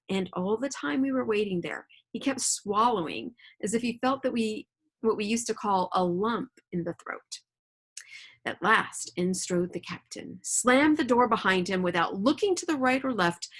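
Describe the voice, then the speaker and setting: A woman's voice: medium pitch, a bit bright. A woman teacher reading a novel aloud at home and explaining it to her students in a casual, chatty way with frequent check-ins. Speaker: middle school teacher.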